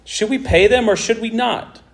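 A man preaching a conversational Bible teaching, who acts out the dialogue with animated asides. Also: very high voice, moderate pace, gravelly.

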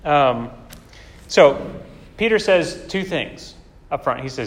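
A man's voice: medium pitch, measured pace. A man preaching a sermon in a conversational way, often asking rhetorical questions. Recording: long hall reverb.

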